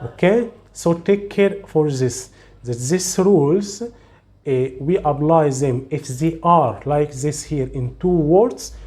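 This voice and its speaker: Male tutor, slightly high voice, slow, repeats points, recites examples. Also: mellow. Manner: patient, repetitive explanation with recited example words. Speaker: Arabic and Quran recitation teacher. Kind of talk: tutorial explaining a pronunciation rule.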